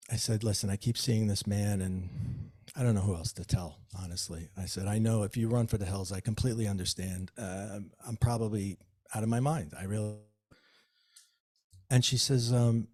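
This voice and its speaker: A man, an author guest, telling a personal story in an interview with lively, acted-out dialogue. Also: fairly low pitch, moderate pace, vocal fry. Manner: animated storyteller, acts out dialogue.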